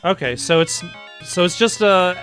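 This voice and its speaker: A man's voice: high-pitched, animated, measured pace, fairly bright tone, faint music behind. A man hosting a let's play, giving casual gameplay commentary as he reads game text aloud with wry asides.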